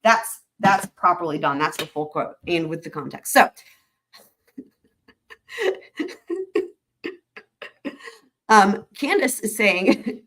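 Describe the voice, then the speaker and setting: A woman's voice: lowish voice, big pitch swings, slow, pauses often, a bit bright. A woman hosting a live stream in casual chat, rambling, laughing often and reading comments aloud.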